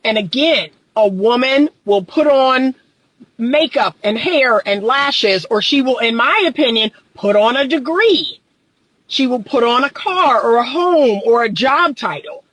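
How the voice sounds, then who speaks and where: A woman coaching on relationships over a livestream, firing off exasperated rhetorical questions and laughing between points. Her delivery is animated and emphatic. The sound is dry and close, with no room echo. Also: a little high, measured pace. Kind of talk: livestream commentary reading viewer comments.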